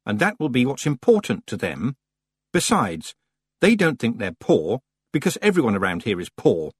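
A man voicing a sharp, blunt young witch girl who talks briskly and forcefully. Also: medium pitch, sing-song, husky, dry recording. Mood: angry.

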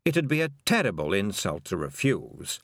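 A man reading aloud, voicing a sardonic male toad with a slow, wry drawl. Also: fairly low pitch, big pitch swings, a bit bright, no echo, studio quality, heavily acted.

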